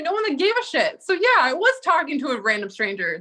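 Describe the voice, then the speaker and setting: A woman with a bright, high-set voice pours out a raw personal story in a casual, confessional way. She swears freely and slips into the voices of the people she quotes. Her tone stays charged and intense throughout. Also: big pitch swings, fast talker, hardly any pauses. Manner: emotional, profane, acts out quoted dialogue. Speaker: storyteller recounting a breakup.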